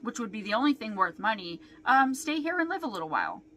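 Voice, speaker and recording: A woman mocking imagined kidnappers in a slow, offhand way. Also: on the high side, sing-song, sharp tone, exaggerated voice. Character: mock kidnappers, casual and offhand.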